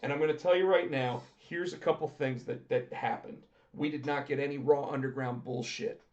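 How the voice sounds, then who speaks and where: A man with a voice on the high side talks wrestling on a casual podcast he co-hosts, holding a steady tone at moderate speed while animatedly acting out what others said. The room echoes and the sound is dull and lo-fi.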